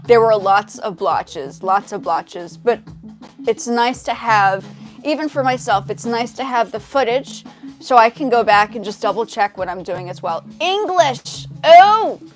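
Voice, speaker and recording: A woman's voice: mid-range voice, a little slow. A young woman with a light South African accent chatting on a livestream, hesitant and friendly, often restarting her sentences as she answers viewers. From half South African, now living in the States. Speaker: livestream host, music composer. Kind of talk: casual livestream chat with viewers. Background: her music track playing faintly.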